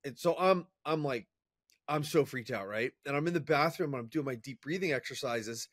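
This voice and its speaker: A man as an interview guest, telling a personal story in an energetic, chatty way with fillers and restarts. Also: medium pitch, normal speed, no room sound, clean studio sound. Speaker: interview guest, professional speaker. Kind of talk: casual storytelling in conversation.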